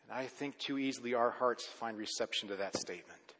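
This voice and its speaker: A man preaching a sermon as pastor, swinging between hushed stretches and loud, emphatic declarations. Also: mid-range voice, fairly quick, noisy background. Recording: long reverb of a large hall.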